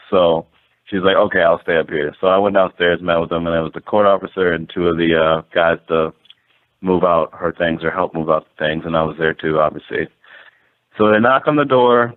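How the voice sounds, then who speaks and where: A man, a landlord guest, telling a story casually and rambling, full of "like" and acted-out quotes. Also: low voice. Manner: rambling, animated, lots of "like" and quoted dialogue. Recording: tinny phone-like line.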